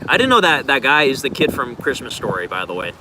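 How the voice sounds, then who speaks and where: A man's voice: medium pitch, sing-song, fast, noisy background. A man casually answering viewer questions on a livestream, rambling in a laid-back way with plenty of filler words.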